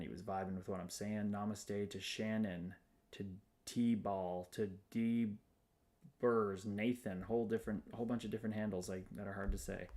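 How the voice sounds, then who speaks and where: Low gravelly guy hosting a live stream, upbeat, spiritual talk, shouting out viewers by name. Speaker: livestream host. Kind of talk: casual livestream chat reading viewer comments.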